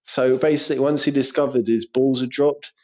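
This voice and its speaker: A man's voice: mid-range voice, fairly even intonation, fairly quick, a little mellow. An Englishman with a crude, sweary way of talking, telling school stories in casual podcast banter and laughing through them. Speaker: podcast co-host.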